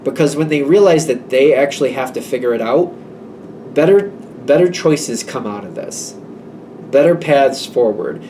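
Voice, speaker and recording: A man's voice: mid-range voice, normal speed, dark tone, distant mic, a little hiss or hum. A man giving a casual, rambling tarot reading, acting out little exchanges between people as he talks. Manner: chatty, rambling, acts out quoted exchanges. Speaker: tarot reader.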